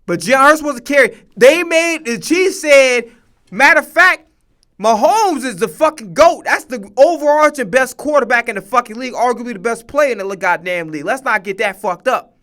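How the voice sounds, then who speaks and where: A man's voice: very high voice, animated, moderate pace, a bit bright. A man streaming his reactions to a sports talk show, heated and profane, who swears a lot and repeats his points for emphasis. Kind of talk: profane casual reaction commentary.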